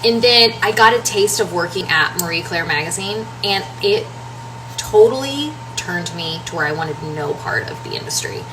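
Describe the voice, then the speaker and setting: A woman's voice: on the low side, lively intonation, normal speed. A woman in her thirties chatting casually to her followers in a rambling way, full of fillers and restarts. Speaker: home renovation designer and social media creator. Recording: somewhat distant from the mic, faint room noise.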